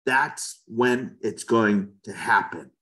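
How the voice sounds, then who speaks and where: A man's voice: on the low side, slow pace, fairly bright tone. A man working as a real estate agent, talking passionately and with strong opinions in a casual interview, often repeating words as he goes.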